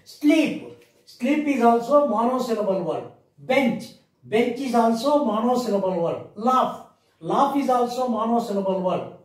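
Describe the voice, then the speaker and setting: High-voiced Indian English teacher, echoey. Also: male voice, lively intonation, darkish tone. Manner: slow, repeating words and spelling them letter by letter. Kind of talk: classroom grammar lesson. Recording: echoey room, mic far off.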